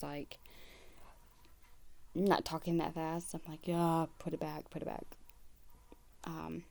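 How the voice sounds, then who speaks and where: Lady commenting on a video, slowish drawl, kinda low voice, blunt and fed up. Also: darkish tone. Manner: blunt, exasperated running remarks. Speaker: reaction video host. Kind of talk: casual commentary over a played video.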